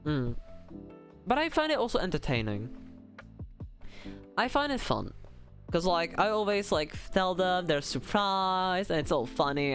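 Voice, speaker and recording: Playful male streamer, theatrical gasps. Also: medium pitch. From Czech Republic. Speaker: VTuber streamer. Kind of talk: casual stream chat.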